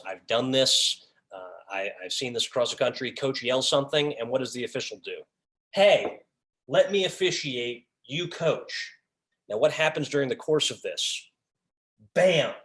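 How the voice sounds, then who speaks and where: A man teaching a room of sports officials over a video call. He talks in a loose, lively way, talks with his hands, and jumps into quick acted-out lines for coaches and referees. His voice sits at a plain middle pitch. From raised by Long Islanders. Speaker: officiating instructor. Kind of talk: training talk on a video call.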